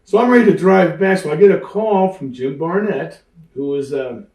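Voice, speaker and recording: A man tells stories with a lot of energy, and his voice sits a little high for a man. He acts out the voices of the people he quotes and laughs as he goes. His voice sounds a bit far from the mic, with noticeable room echo. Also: normal speed. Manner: animated storyteller who acts out quoted voices. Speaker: interview guest, wrestling veteran. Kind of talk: storytelling shoot interview. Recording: roomy sound, mic at a distance.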